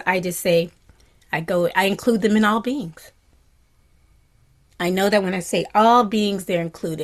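Gentle woman giving a soft dharma talk. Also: lowish voice. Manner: gentle, reflective, often dropping to a soft whisper; animated when voicing happy quotes. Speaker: meditation teacher.

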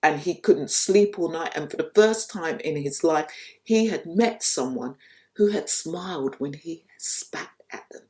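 A soft-spoken woman gives a reflective spiritual talk, telling a teaching story and repeating phrases for emphasis. Her voice sits fairly low and unfolds very slowly. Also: lively intonation.

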